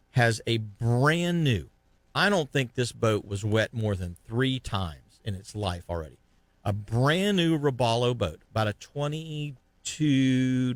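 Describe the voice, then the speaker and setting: A man hosting a fishing podcast, telling a lively fishing story in casual chat and acting out the other anglers' lines. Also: medium pitch, takes it slowly, no echo. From Florida.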